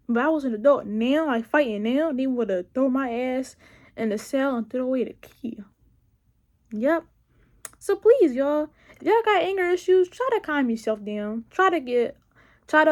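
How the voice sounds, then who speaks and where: A young woman, telling a casual, profane storytime vlog and acting out the voices of people in her story. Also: sits high. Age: young adult. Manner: animated, profane, acts out quoted voices. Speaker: vlogger.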